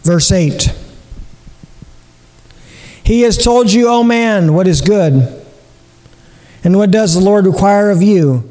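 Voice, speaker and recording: Preaching slowly with frequent pauses, a pastor with a high, mellow voice earnestly repeats his points and asks rhetorical questions. The church hall gives his voice a long, lingering reverb.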